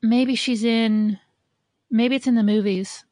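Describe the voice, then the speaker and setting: A woman's voice: on the high side, slow pace, dry recording. A woman co-hosting a podcast, chatting casually about an episode with fillers like "like". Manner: relaxed, conversational with fillers like "like". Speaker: podcast co-host. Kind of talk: casual chat.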